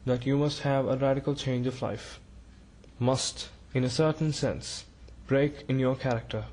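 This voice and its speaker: A grave, probing male doctor who speaks deliberately and pauses with a grunt, as a man puts him on in a reading. The pitch sits in the middle range for a man. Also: fairly even intonation, darkish tone, close to an everyday voice. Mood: insistent.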